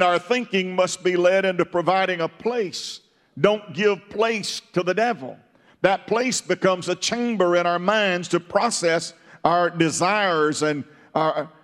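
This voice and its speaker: Fervent high-voiced male preacher in a hall. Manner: fervent, rising to shouts on repeated phrases. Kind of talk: sermon.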